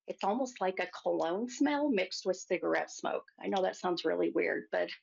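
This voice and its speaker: Gravelly woman giving a psychic reading. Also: on the low side, moderate pace. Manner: gentle and warm with the caller, calling her hon and my friend. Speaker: psychic medium host. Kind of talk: live psychic reading for a caller. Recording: muffled lo-fi sound.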